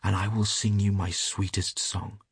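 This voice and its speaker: A tender storybook nightingale speaking earnestly of love, read by a man. The voice stays low and husky, recorded dry and close. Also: level tone, unhurried, no room sound, exaggerated voice. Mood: pleading. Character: female nightingale, tender and devoted.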